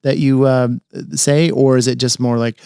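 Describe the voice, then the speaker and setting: A man's voice: mid-range voice, fairly even intonation, normal speed, dark tone, clear, resonant tone, no room sound, clean studio sound. A man hosting a casual interview, asking rambling, hesitant questions. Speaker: podcast host.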